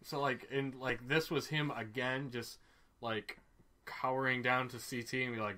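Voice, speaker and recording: A man co-hosting a podcast, recapping reality TV in casual, profane, gossipy chat that gets excitable. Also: medium pitch, normal speed. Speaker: podcast co-host.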